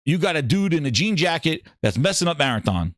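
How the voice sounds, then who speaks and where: A man hosting a gaming show, reacting to clips in an excitable, mocking rant full of laughs and swearing. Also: fairly high pitch, brisk, dry recording, clean studio sound.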